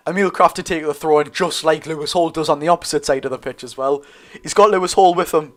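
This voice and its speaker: A young man with a Geordie accent talks viewers through a live match in a loose, chatty way, often correcting himself and calling out to the lads. His voice sits a little above the usual male pitch. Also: fast talker, fairly bright tone. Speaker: football watchalong host. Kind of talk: live match commentary and chat.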